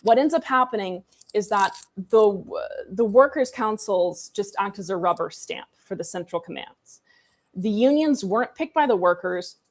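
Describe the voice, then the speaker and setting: A woman's voice: mid-range voice, animated, normal speed. A woman co-hosting a casual history discussion, chatty and irreverent, with sarcastic asides. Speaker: co-host.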